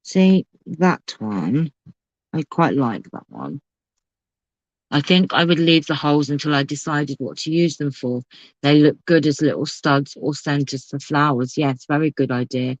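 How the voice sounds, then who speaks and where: A woman's voice: sits low, a little slow, no room sound, dull audio. A woman hosting a casual crafting livestream, chatting and thinking aloud as she works. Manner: chatty, thinks aloud, talks to her pet. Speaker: craft channel host.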